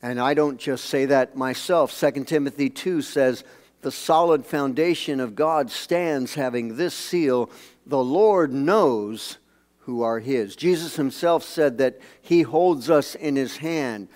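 A man's voice: medium pitch, slow. Earnest male pastor preaching a sermon. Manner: earnest, emphatic preaching with hushed phrase endings. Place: church sanctuary.

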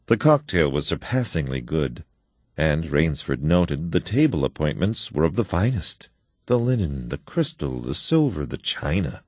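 A man narrates a story as an expressive audiobook reading. His voice is low and swings widely in pitch as he shifts emphasis. The sound is close and dry, with no room echo. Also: measured pace.

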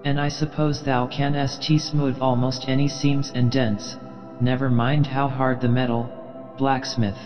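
A man's voice: medium pitch, little pitch movement, a little slow, darkish tone, in a large hall, soft background music, lightly acted. A man reading an audiobook, voicing an obsessed, commanding old sea captain with an intense, imperious manner. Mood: brooding.

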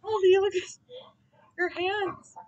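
A woman voicing a grumpy, quick-tempered bald male math teacher in his forties, indignant and threatening. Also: very high-pitched, level tone, a little mellow, lo-fi sound, voice pushed up. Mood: exasperated.

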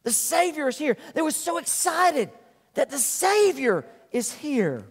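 A man's voice: extremely high pitch, sing-song, unhurried, big-room sound. A man preaching a sermon as a pastor, earnest and emphatic, repeating phrases for weight. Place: church sanctuary.

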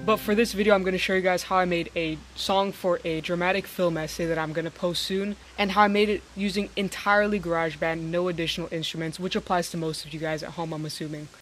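A woman's voice: lowish voice, fairly even intonation, fast, few pauses, fairly bright tone, faint music behind. A young woman hosting a casual tutorial vlog, chatty with self-mocking asides. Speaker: filmmaker and channel host.

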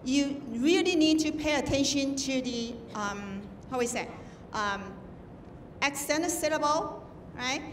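Speaking slowly in a high voice, a woman judging a contest offers students instructive feedback, illustrating her points with examples. The distant mic picks up hall echo and a bit of background noise.

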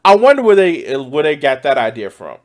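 A man's voice: on the high side, big pitch swings, fairly quick. A man giving loose, profane reaction commentary as a streamer, often exclaiming and laughing. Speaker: streamer reacting to news clips.

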